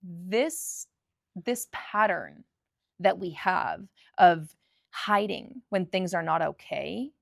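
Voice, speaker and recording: A young adult woman giving an intimate, heartfelt spiritual monologue, soft and earnest with emotional pauses. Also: on the low side, vocal fry, no echo, clean studio sound. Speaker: spiritual channel host.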